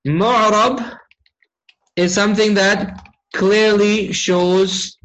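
A man teaching an online Arabic grammar class, often asking his students questions and reciting verses quickly. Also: high voice, flat delivery, a bit bright, poor audio. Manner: engages students with frequent questions.

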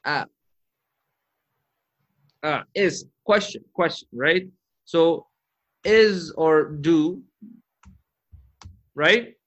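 A man's voice: fairly high pitch, extremely slow, long pauses, fairly bright tone. A man teaching Arabic grammar in a live lesson, patient and encouraging, drilling terms aloud. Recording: muffled lo-fi audio.

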